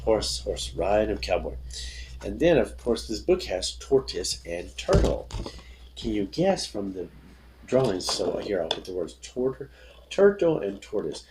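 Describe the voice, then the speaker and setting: A fairly low-voiced man leads an English lesson to camera, repeating each word slowly while he shows its gesture. He sounds upbeat and patient. A faint hiss sits under the recording. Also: big pitch swings. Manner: upbeat, repetitive, demonstrating words slowly. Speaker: English teacher. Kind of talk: video lesson teaching gestures to learners.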